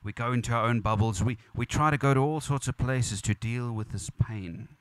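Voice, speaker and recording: A man's voice: medium pitch, moderate pace, fairly bright tone, dry recording. A man preaching at a funeral as pastor, earnest and repetitive, building emphasis. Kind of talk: funeral sermon. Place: church or funeral venue.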